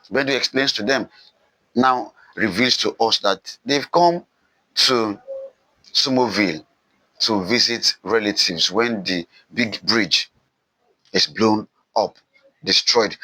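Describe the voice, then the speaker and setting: A man teaching literature, retelling a novel's plot in an animated way and repeating phrases for emphasis. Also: lowish voice, dry recording, rough recording. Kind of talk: novel summary lecture.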